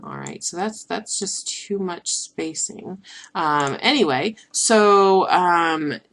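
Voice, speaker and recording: A woman teaching a software tutorial over a screen recording, thinking aloud in a relaxed way with frequent ums and restarts. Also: lowish voice, takes it slowly. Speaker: instructor.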